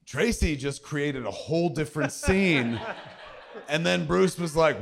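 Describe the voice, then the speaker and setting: Profane animated storyteller man. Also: fairly high pitch, measured pace, gravelly, a crowd in the background. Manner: animated storyteller, laughing, swearing, acting out quotes. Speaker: host telling a story. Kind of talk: casual anecdote, profane.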